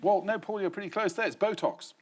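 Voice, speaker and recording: A man guest-hosting a comedy news quiz in a TV studio, reading questions with dry, deadpan punchlines. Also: high voice, brisk, noisy background. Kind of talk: scripted panel-show hosting. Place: TV studio with live audience.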